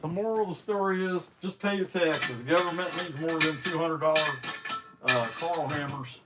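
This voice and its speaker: Folksy guy rambling on a livestream, high voice, loud noisy outdoor recording. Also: moderate pace. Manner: rambling, folksy, grumbling banter. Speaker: chainsaw carver and livestream host. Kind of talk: casual livestream chat while working. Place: outdoor carving workshop. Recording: loud outdoor noise behind.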